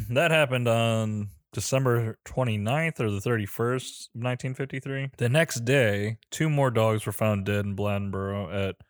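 A man co-hosting a casual podcast reads a spooky story from a wiki page, tossing in jokey asides and laughing often. His voice is medium-pitched at normal speed, with clean studio sound and no room echo.

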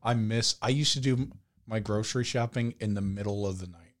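A man co-hosting a podcast, telling everyday stories in relaxed casual chat, often dropping soft and low. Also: a little fast. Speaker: podcast co-host.

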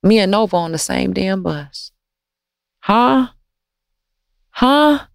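A woman recounts a personal encounter in a candid, reflective monologue. Her voice sits at a middle pitch and leaps up and slows down when she stresses a point. The studio sound is dry and close. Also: animated, gravelly, smooth, dry recording. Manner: candid, reflective, swings in pitch and pace for emphasis. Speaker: vlogger recounting a personal story. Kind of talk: casual storytelling monologue. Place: recording studio.

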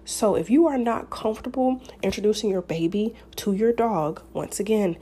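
A woman's voice: mid-range voice, moderate pace, mellow, husky. A woman hosting a podcast, giving casual advice in a chatty, rambling way with many fillers and restarts. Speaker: podcast host.

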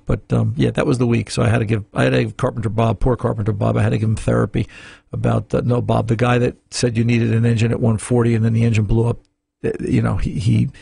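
Gravelly, husky-voiced male radio host. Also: medium pitch, a little mellow, no room sound. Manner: rambling, chatty, many restarts and fillers. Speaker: radio car show host and mechanic. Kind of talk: casual radio talk.

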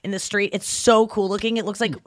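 A woman in her thirties co-hosting a podcast in casual chat, telling stories with lively acted-out quotes. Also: mid-range voice, a little fast, dry recording. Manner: animated storytelling, acts out quotes loudly. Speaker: podcast co-host.

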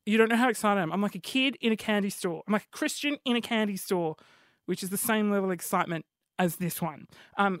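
Excitable high-voiced Australian man. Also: fairly quick, no echo, studio quality. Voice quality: high-pitched voice. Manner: excitable, rambling, self-mocking. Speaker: podcast host. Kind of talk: casual solo podcast chat.

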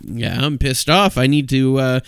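A man co-hosting a podcast in casual chat, joking and halting with lots of fillers. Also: mid-range voice, a bit bright, smooth, dry recording. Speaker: podcast co-host.

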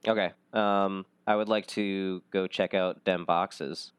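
A man playing a casual tabletop game, excitable and quick to swear or burst out loudly. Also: low-pitched, clear, resonant tone, no echo. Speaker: player.

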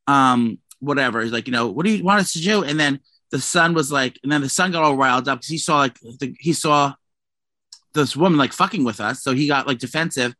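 A New man chats on a gossip podcast with a bright, forward voice. He swears freely and keeps breaking off and restarting mid-sentence. The sound is dry and close, with no room around it. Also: medium pitch, a little fast, no echo. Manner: profane, rambling storyteller with many restarts. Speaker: podcast co-host. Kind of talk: casual gossip chat.

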